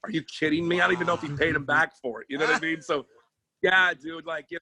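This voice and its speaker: A man who works as a sports agent and comedian, telling stories in casual chat, animated and profane, with many restarts. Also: fairly high pitch, quick pace, crowd noise.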